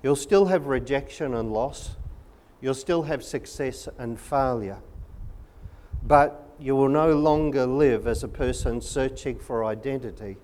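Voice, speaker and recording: A man preaching a sermon in an earnest, measured and emphatic way. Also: medium pitch, darkish tone.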